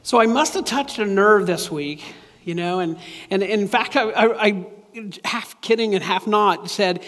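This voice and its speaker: A man's voice: high voice, moderate pace, fairly bright tone. A man preaching a sermon as pastor, talking in a loose, conversational way with repeated words and chuckles at his own jokes. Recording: long hall reverb.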